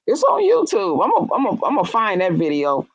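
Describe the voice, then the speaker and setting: A woman's voice: medium pitch, huge pitch swings, normal speed, no echo, dull audio. A woman in casual chat, telling stories bluntly and animatedly with frank, salty language.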